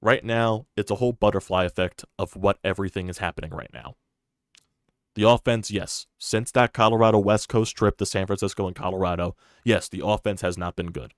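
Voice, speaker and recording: A man's voice: lowish voice, a little fast, no room sound, clean studio sound. A man hosting his own sports channel, giving a casual, emphatic game recap with repeated points. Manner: heated, swearing rants; repetitive, emphatic delivery.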